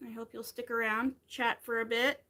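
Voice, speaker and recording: Fairly high and bright with a pushed quality, this woman's voice keeps a level tone at a moderate pace. In her thirties, she crochets during a casual live stream, talking upbeat with her viewers between stitches.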